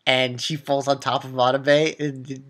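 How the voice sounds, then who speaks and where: Rambling, excitable young man recapping anime. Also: mid-range voice, a little slow. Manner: rambling, excitable, swears and laughs often. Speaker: anime reviewer. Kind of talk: casual episode recap.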